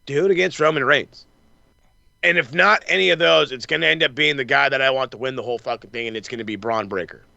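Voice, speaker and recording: Animated, foul-mouthed man with a bright, gravelly voice. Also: mid-range voice, quick pace, no room sound, lo-fi sound. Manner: animated, profane, acts out wrestler reactions. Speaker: wrestling podcast host. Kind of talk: casual chat.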